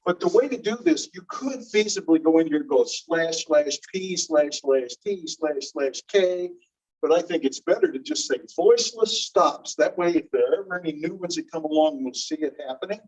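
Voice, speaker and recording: A man teaching a linguistics class, explaining slowly and repeating key phrases while checking that students follow. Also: fairly high pitch, a little mellow, husky. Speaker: linguistics instructor. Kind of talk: classroom lecture. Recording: muffled distant classroom recording.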